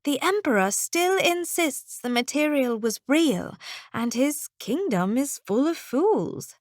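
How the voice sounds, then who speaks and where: Brief: woman voicing a princess who lectures like a teacher, for a storybook, lively delivery. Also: high-pitched, takes it slowly, no room sound, clean studio sound, voice pushed up, heavily acted. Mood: lecturing.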